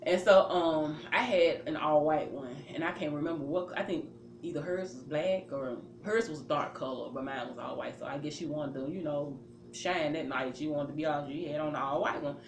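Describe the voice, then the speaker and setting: A woman with a lower voice tells a personal story in an easy, casual way. She acts out her own reactions and leans on fillers like "you know" and "um" as she talks. The room is echoey, with a faint hum of ambient noise behind her. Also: normal speed.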